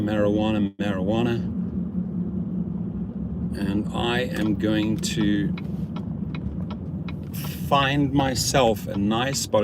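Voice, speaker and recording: Tired, ranting rideshare driver in a car. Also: male voice, lowish voice. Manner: animated, ranting, calls out viewers by name. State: tired, yawning. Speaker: rideshare driver hosting a livestream. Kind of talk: live-stream chat while driving. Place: inside a car on city streets at night. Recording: road and traffic noise.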